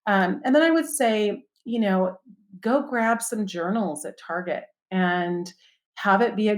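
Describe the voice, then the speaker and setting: A woman guest on a podcast, chatting casually and listing practical tips with lots of "um" and "you know". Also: medium pitch. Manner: practical, upbeat, listing tips with many fillers. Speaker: guest author.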